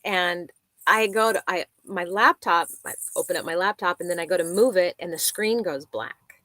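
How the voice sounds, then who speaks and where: A woman guest chatting casually, telling a story and acting out the dialogue in lively voices. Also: lowish voice, moderate pace, dry recording. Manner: animated, acts out quoted dialogue.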